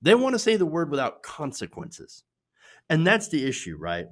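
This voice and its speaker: A man with a fairly high voice hosts political commentary. His pitch swings widely as he mocks and jabs in a sarcastic tone. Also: moderate pace. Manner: sarcastic, mocking, animated.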